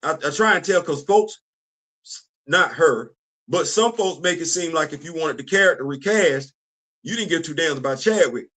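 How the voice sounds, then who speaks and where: A middle-aged man hosting a casual livestream chat, animated and laughing often as he answers his audience. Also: a little high, moderate pace. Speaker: host.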